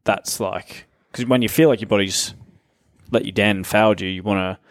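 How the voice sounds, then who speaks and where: A male coach in casual conversation, relaxed and encouraging, with lots of fillers. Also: lowish voice, moderate pace, dry recording, clean studio sound. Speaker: coach, trainer.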